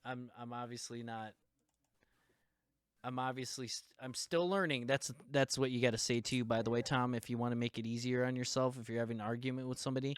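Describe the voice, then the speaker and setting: A man's voice: mid-range voice, fairly even intonation, brisk, clean tone, no echo. A man hosting a podcast, rambling casually with lots of fillers and laughs. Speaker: podcast host. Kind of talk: casual chat.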